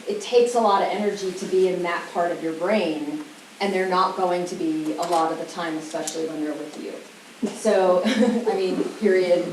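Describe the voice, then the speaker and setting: A woman giving an animated talk to parents, sometimes acting out children's voices, recorded in a roomy school room from far off with faint hiss. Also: on the low side. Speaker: parenting educator.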